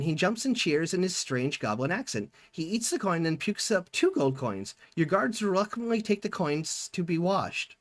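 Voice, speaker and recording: A man with a high-pitched voice live streams a text strategy game, reading its text aloud and reacting quickly and playfully.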